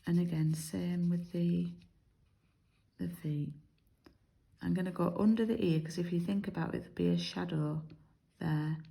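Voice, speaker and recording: British lady demoing card making, low gravelly mellow voice, chatty and explaining each step. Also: steady tone, unhurried, pauses often, rough recording. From United Kingdom. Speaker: craft demonstrator.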